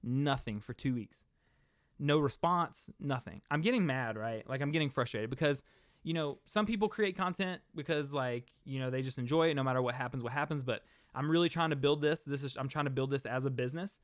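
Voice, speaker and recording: Young male host, casual chatter to viewers, clean resonant tone, mid pitch. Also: a little fast, dry recording, studio quality. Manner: chatty, rambling, talks to chat viewers. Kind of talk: casual livestream chat.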